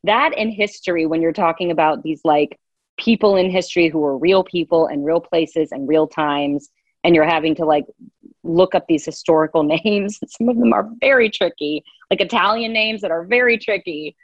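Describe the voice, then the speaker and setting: A woman's voice: lowish voice, normal speed, no echo. A woman, an audiobook narrator, chatting expressively as a guest and laughing easily. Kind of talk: casual interview chat. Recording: dull dry lo-fi sound.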